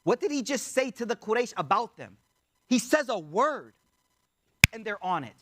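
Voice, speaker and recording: A man teaching as he tells a story in a lecture, animated and speaking straight to his audience, acting out the voices. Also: high-pitched, moderate pace, heavy background noise. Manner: animated, addresses audience directly, acts out voices. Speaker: Islamic teacher.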